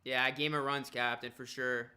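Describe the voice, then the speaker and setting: A man's voice: medium pitch, little pitch movement, normal speed, bright, forceful tone. A man hosting a fan live stream, calling the plays of a basketball game and chatting upbeat with viewers, greeting them by name. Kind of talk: live-stream play-by-play and chat shout-outs.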